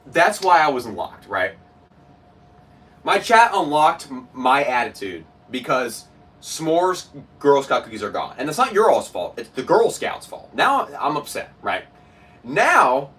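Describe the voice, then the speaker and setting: A man's voice: medium pitch, fairly bright tone, far from the mic. A young man streaming live, ranting to his chat in a casual, incredulous way and laughing as he goes.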